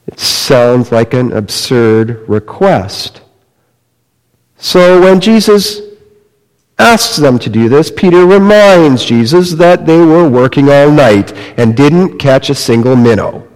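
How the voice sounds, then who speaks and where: A man delivers a sermon at a slow, deliberate pace, telling a story with dramatic drops to near-quiet and lifts back up. His middle-pitched voice carries a long reverb, as if he stands in a large sanctuary. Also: lively intonation. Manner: slow, dramatic storytelling with wide swings in loudness. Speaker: pastor.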